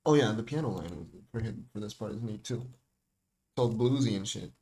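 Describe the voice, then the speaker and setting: A man's voice: lowish voice, lively intonation, moderate pace, a little mellow. A young man rambling through a casual livestream breakdown of his own remix, with lots of fillers, restarts and laughs. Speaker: music producer streaming a breakdown of his remix. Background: faint music.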